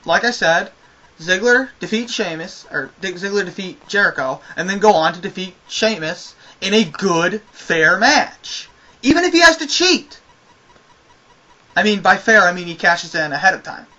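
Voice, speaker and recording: A man's voice: high-pitched, normal speed, bright, forceful tone, highs cut off. A man giving a casual spoken review of a wrestling show, ranting with exasperation and a lot of swearing.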